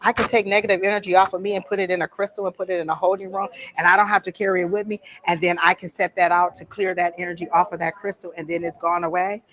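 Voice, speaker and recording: A woman's voice: on the low side, little pitch movement, quick pace, few pauses, a bit bright. A woman talking informally to a workshop audience at a psychic fair, chatty and conversational, stopping to ask the room for questions.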